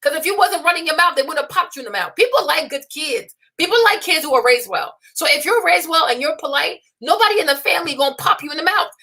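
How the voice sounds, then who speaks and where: A young woman with a high, bright voice hosts her own talk stream. She lectures bluntly and scolds her listeners, launching into animated rants and mocking the people she quotes. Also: fast talker, hardly any pauses. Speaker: host. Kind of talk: unscripted opinion livestream.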